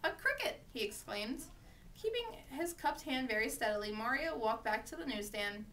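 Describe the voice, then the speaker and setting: A woman reading a children's storybook aloud with steady, expressive narration. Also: on the high side, moderate pace, recorded from a distance, a little hiss or hum. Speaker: reader.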